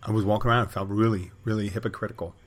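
Middle-aged man, very deep and husky, wry, rambling podcast host with crude humor. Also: steady tone, very fast. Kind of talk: rambling casual monologue.

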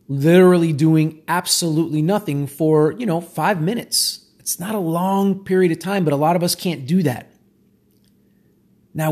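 A man's voice: on the high side, husky. A man delivering a conversational, emphatic self-help monologue, repeating his points. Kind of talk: motivational monologue.

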